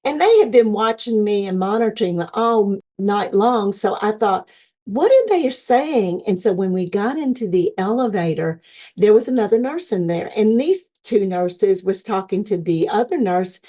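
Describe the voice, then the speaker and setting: A middle-aged woman with a warm, mellow voice tells a personal near-death story. She talks earnestly and plays out the thoughts she recalls from the hospital as she goes. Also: medium pitch, lively intonation, normal speed. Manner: earnest storytelling, acting out her own remembered thoughts. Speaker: near-death experience guest. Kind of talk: personal testimony.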